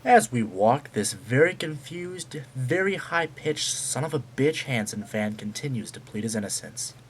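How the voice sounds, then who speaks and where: A man playing a self-important TV reporter in a parody, speaking in deadpan, pompous narration. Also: mid-range voice, moderate pace, slight background noise, close to an everyday voice. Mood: narrating. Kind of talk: parody news-magazine narration.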